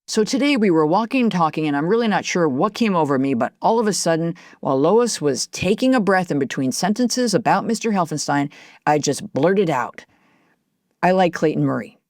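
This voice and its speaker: A woman narrating an audiobook in the first person, telling the story in a lively, confiding way as a young girl. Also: lowish voice, a little fast, dry recording, studio quality.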